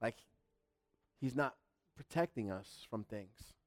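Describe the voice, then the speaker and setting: A man's voice: mid-range voice, animated, slow pace. A man preaching a sermon in a fervent, emphatic style, driving points home through repetition.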